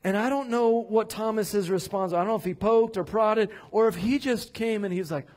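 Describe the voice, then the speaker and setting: A man preaching a sermon as pastor in a church, animated, acting out quoted voices and rising to loud declarations. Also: sits high, normal speed. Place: church sanctuary.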